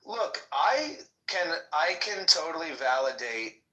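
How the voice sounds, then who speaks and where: A man in a casual group conversation, talking in a rambling, profane and animated way. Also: a little high, slow, low-quality recording. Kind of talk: casual heated group chat.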